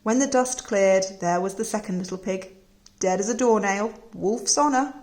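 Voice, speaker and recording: A woman's voice: medium pitch, moderate pace, darkish tone, lightly acted. A woman reading as a sly, wronged wolf. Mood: aggrieved, sly. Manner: chatty storybook narration, aggrieved and wheedling. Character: sly, self-pitying male wolf telling his side. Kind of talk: read-aloud storybook narration.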